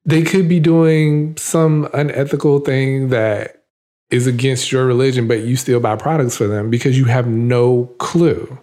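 A man chatting on a podcast with a voice at an ordinary middle pitch. He sounds sassy and exasperated and throws in punchy, emphatic asides. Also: fairly even intonation, unhurried, warm tone. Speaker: podcast co-host. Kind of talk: casual podcast chat.

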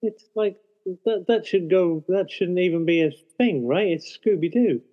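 A man co-hosts a podcast, chatting casually in a wry way, with a high voice at a moderate pace. The lo-fi recording sounds dull, with long reverb from an unplugged mic.

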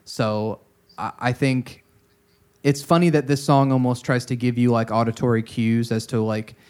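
A man's voice: medium pitch, steady tone, moderate pace, a little mellow. A man co-hosting a casual music podcast, thinking aloud with many fillers and restarts. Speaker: podcast co-host.

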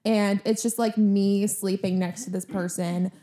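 A young woman co-hosting a podcast tells a story in casual chat, animated and saying "like" constantly while acting out quotes. Her voice is medium in pitch and unhurried.

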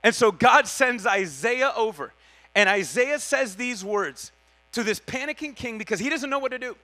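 High-voiced, bright casual preacher man. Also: animated, moderate pace. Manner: slangy, conversational, with self-corrections. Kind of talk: casual Bible teaching.

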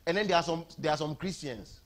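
A man with a Ghanaian accent preaching an animated sermon in a church, switching between English and Twi. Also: fairly high pitch, quick pace.

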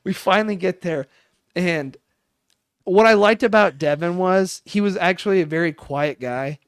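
A young man tells a story on a podcast, swearing freely and acting out each person in it. His voice sits a bit high for a man and comes across dry and close, with no room around it. His telling is lively and casual. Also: normal speed, smooth, no echo. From Chicago area, United States. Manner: animated, swears a lot, acts out quoted voices. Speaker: podcast co-host.

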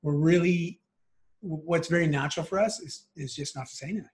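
Man, thirties, fairly high voice, fast talker, earnest, reflective, casual chat. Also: a little mellow, slight background noise. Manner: earnest, reflective, quick with frequent restarts. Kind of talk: casual podcast conversation.

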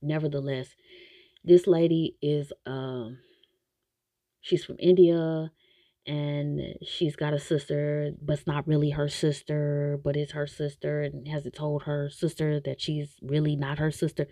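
A woman's voice: low voice, flat delivery, measured pace, dark tone, dry recording. Woman podcaster venting about a tv show, blunt and fed up, dry close sound. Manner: blunt, exasperated ranting with rising outbursts. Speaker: podcast host reviewing a TV series. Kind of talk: casual opinionated commentary.

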